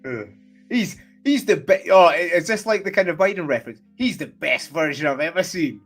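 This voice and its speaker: A man co-hosting a casual fantasy football podcast, full of jokey banter and quick reactions, often laughing. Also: a little high, animated, a bit bright, faint music behind. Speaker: podcast co-host.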